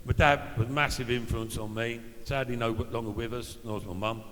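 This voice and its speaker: A man's voice: medium pitch, steady tone, brisk, a bit bright, big-room sound, low-quality recording. A man in his fifties, a former footballer, telling chatty anecdotes at an evening event and acting out the voices of the people in them. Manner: chatty anecdotal storyteller, acts out quoted voices. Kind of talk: after-dinner storytelling.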